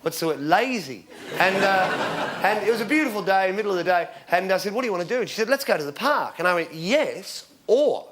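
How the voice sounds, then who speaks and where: Loud laughter, applause and background noise surround a man in his forties doing stand-up on a comedy stage. His voice sits high and he talks fast, rambling through deadpan stories with fillers before shouting out each punchline.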